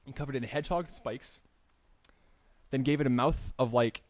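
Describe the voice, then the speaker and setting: A man's voice: medium pitch, normal speed. A man from Indiana co-hosting a podcast, telling an improvised story in a rambling, hesitant way with lots of fillers. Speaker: podcast co-host.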